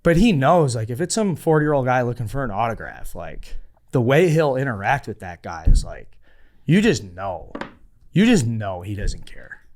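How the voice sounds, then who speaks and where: At normal speed and medium pitch, a man co-hosts a podcast, chatting casually and telling stories. He's animated, acting out the voices of people he quotes.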